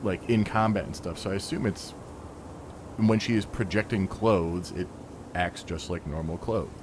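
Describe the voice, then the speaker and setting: A man co-hosting a podcast live stream, relaxed and explanatory. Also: sits low, normal speed, noisy background. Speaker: podcast co-host. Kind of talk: casual live-stream chat. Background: game music.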